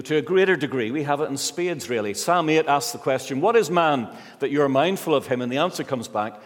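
A male pastor reading scripture and preaching a sermon in a church, measured with slow, emphatic pauses. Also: medium pitch, in a large hall.

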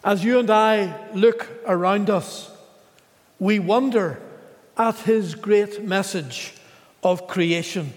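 A man preaching a sermon in a slow, measured way, with dramatic pauses. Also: high-pitched, in a large hall.

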